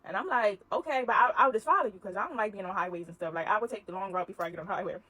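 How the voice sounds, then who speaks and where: A woman telling a personal story in casual chat, acting out the dialogue with animated energy. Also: mid-range voice, rapid-fire, breathy edge, poor audio.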